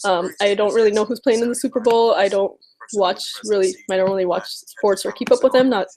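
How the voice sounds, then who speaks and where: A woman's voice: mid-range voice, a little fast, rough recording. A woman talking casually to camera about politics, nervous and exasperated, full of "um" and "you know". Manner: nervous, exasperated and animated, mocking others in quotes; heavy use of fillers like "um" and "you know". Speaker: political vlogger.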